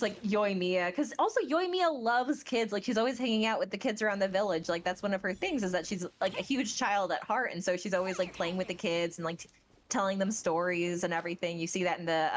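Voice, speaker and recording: A woman's voice: medium pitch, a little fast, slight background noise. A woman guesting on a game stream as a voice actor, chatting in a bubbly, gushing way. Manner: bubbly, gushing, lots of fillers. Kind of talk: casual chat on a game stream.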